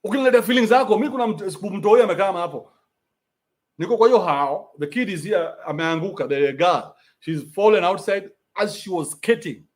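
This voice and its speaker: Kenyan guy on a stream, higher voice, blunt and sweary, ranting. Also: brisk. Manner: blunt, profane, combative. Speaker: livestream host reading donations. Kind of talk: ranting livestream commentary.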